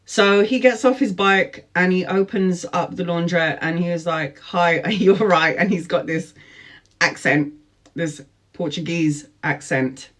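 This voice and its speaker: A woman in her forties telling a personal story, lively, laughing often and acting out what people said. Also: lowish voice, measured pace. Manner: lively, laughs often, acts out quoted speech. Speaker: tarot vlogger. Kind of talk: storytime chat.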